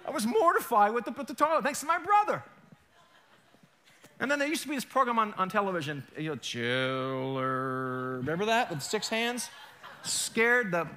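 A man preaching a sermon as pastor, telling stories with animated energy and joking with the congregation. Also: very high voice, brisk, slight background noise. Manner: animated storytelling, mimics accents, jokes with congregation.

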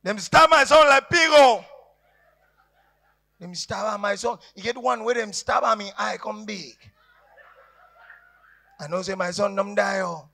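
A Nigerian man doing stand-up, telling a story with dramatic swings from shouts to hushed murmurs. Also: high voice, unhurried, gravelly, pauses often. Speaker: stand-up comedian.

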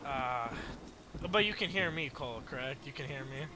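A man streaming a game in casual commentary, playful and excitable, shouting taunts and laughing, on a gaming mic at home. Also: medium pitch, moderate pace, background noise.

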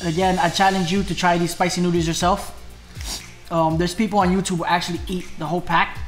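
A man's voice: high-pitched, little pitch movement, fairly quick, soft background music. A man vlogging a spicy food challenge in a casual way, groaning and exclaiming between bites. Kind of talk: casual mukbang vlog.

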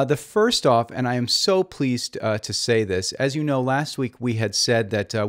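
A man hosting a comedy review show, delivering a mock-earnest monologue in a deadpan, rambling way with constant hesitations. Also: mid-range voice. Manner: rambling, full of fillers and restarts, deadpan.

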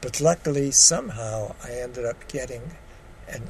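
A man's voice: medium pitch, moderate pace, vocal fry, darkish tone, slight background noise, low-quality recording. A man in his eighties, originally from California, who answers interview questions and reads his memoir aloud, often repeating words and hesitating. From California, USA. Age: 80s. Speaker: guest playwright.

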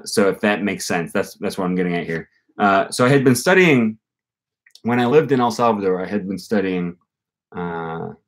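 Young male host, slightly low voice, loose rambling livestream chat, thinks out loud. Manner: rambling, thinking aloud with many fillers. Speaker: language-learning channel host. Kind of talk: casual livestream talk answering comments.

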